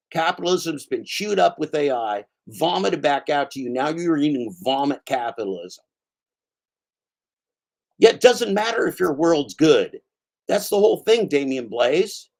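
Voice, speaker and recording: Gravelly man ranting with profanity. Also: fairly high pitch, darkish tone. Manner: heated, profane, addresses a commenter by name. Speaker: channel host. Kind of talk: angry spoken rant.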